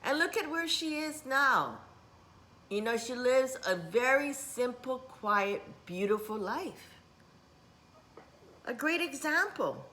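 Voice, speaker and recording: A middle-aged woman who runs spiritual workshops rambles through a casual vlog in a high, very animated voice, speaking slowly. She's warm-hearted and sprinkles Japanese words into her talk.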